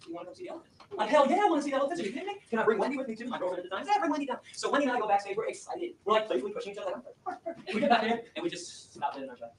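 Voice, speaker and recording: A man from Michigan giving an impassioned speech to an audience and taking questions, telling his story in a fast, emphatic, animated way. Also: a little high. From Michigan, USA. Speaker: activist lecturer. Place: lecture room with audience. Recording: echoey room, distant mic, faint hiss.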